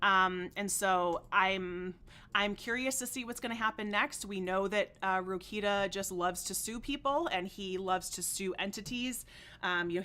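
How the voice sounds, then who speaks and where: A woman with a Chicago-area Midwestern accent hosts a casual livestream, talking politics at an easy pace. Her voice is bright and forward, and her speech is loose and chatty, full of ums and restarts. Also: medium pitch. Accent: Upper Midwest, Chicago region. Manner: chatty, reads viewer comments aloud, many fillers. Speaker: livestream host.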